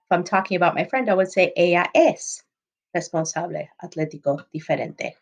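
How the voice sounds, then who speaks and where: An adult woman, not young, teaches a recorded Spanish lesson in a lowish voice at a fairly quick pace. She explains patiently, moving between English and Spanish examples. The recording quality is low.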